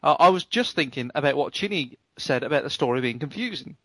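Chatty male podcast co-host, fairly high voice, dry close sound, reads mail with wry asides. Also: lively intonation, quick pace, pushed and bright, no echo. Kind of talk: casual podcast chat, reading listener email.

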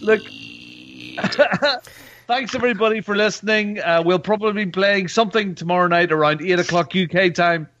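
A man hosting a casual gaming podcast, chatty and quick to laugh. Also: sits high, fairly bright tone. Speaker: podcast host. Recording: slightly dull lo-fi sound.

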